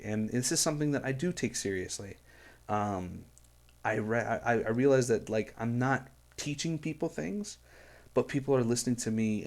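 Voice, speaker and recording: A man's voice: on the low side, a little mellow. A man hosting a music reaction video, talking in an earnest, rambling way with many fillers and restarts. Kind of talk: casual reaction commentary.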